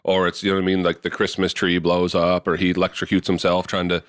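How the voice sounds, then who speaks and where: Rambling low-voiced man in casual chat. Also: monotone, fast, dry recording, studio quality. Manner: rambling, filler-heavy storytelling. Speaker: podcast co-host.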